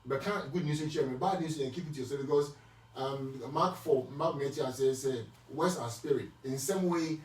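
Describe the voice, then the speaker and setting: A man's voice: medium pitch, normal speed, a little mellow. Man with a Ghanaian accent in an echoey room. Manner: switches between Twi and English, with many restarts and repeated words. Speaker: speaker answering marriage questions. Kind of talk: casual Christian teaching talk. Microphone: distant from the mic. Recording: echoey room, speaker far from the mic.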